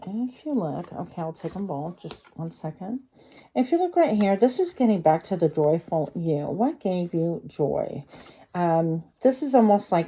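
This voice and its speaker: A woman reads tarot cards for her viewers in a relaxed, rambling way, stopping often to think aloud. Her voice sits a little low and sounds very mellow and dark. Her speech is slightly slurred by a retainer in her mouth. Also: unhurried, slightly rough. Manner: chatty, rambling, thinking aloud with many fillers. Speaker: tarot card reader. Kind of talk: pick-a-card tarot reading.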